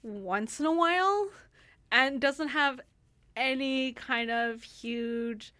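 Chatty young woman with a high voice. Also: slow pace, pushed and bright. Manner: chatty, lots of fillers and restarts, laughs easily. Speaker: theatre reviewer. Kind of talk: casual radio chat.

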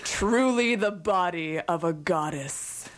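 A woman voicing a brooding, seductive romance hero in a slow, hushed murmur. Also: mid-range voice, lightly acted.

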